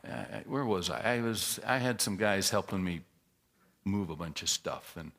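A man preaching a sermon as a pastor, telling stories with emphatic bursts and quiet asides. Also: sits low, moderate pace. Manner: animated storyteller, swings from loud emphasis to quiet asides.

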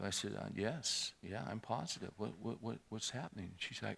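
Bright-voiced preaching pastor, a man. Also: on the low side, moderate pace, vocal fry, few pauses, husky. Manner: loud preaching of scripture, dropping to quiet storytelling. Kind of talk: sermon.

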